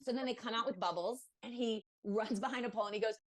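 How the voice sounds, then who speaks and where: Her pitch is fairly high and her pace quick: a Maryland woman recounting a personal story as a guest on a casual podcast interview. She animatedly acts out what others said and leans heavily on fillers.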